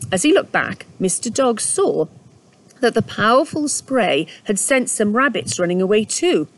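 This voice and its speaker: A woman's voice: mid-range voice, sing-song, measured pace, low-quality recording. A woman reading a children's book aloud at home, narrating expressively with small asides. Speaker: storyteller.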